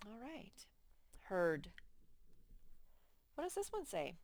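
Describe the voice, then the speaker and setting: A woman teaching young children to read, slowly stretching out each word with patient, clear explanations. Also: low-pitched, sing-song, darkish tone, no room sound. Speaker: first-grade teacher. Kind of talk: slow, patient phonics lesson to young children.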